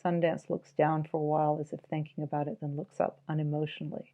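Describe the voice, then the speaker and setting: A woman with a low, gravelly voice and a dark, mellow tone talks her way through a book in a reflective, musing commentary. The recording is dull and lo-fi, with the highs rolled off. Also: little pitch movement, fast. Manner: reflective, musing, reads passages aloud. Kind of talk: informal spoken commentary on a book.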